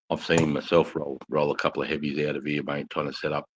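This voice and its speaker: A man's voice: a bass voice, background noise. An Australian man telling crude, slang-filled stories in casual chat. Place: bar.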